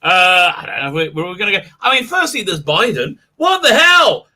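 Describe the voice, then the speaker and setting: A man's voice: sits high, animated, brisk, pushed and bright. A man hosting a casual live stream, talking in a rambling, sardonic way with many restarts.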